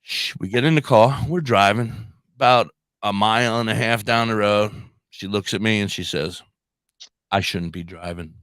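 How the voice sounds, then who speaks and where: A middle-aged man hosting a radio show, telling a rambling, animated story in casual chat. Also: fairly low pitch, normal speed, smooth, dry recording. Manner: rambling, animated anecdotes with laughs.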